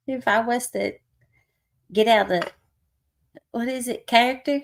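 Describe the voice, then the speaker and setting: A woman's voice: fairly high pitch, measured pace, pauses often. A woman with a thick Appalachian accent, co-hosting a livestream in casual chat and laughing often. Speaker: livestream co-host.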